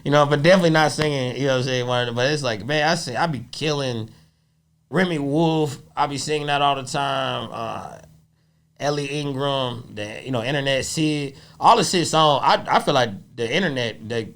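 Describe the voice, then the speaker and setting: A man's voice: mid-range voice, moderate pace, fairly bright tone. A man who is a comedian guest, telling stories in a loose, rambling way during a casual interview chat. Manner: loose, rambling storytelling with frequent laughs.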